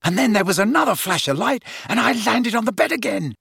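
A man's voice: very high-pitched, steady tone, slow, vocal fry, pushed and bright, smooth, no echo, studio quality, pitched above the performer's own voice, exaggerated voice. A man voicing an easygoing, joking teenage schoolboy wizard in an audiobook, offhand and amused. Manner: laughing, offhand.

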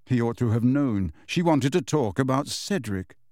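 This mid-range male voice delivers scripted audiobook narration with a measured, expressive storytelling style. It's a dry, clean studio recording.

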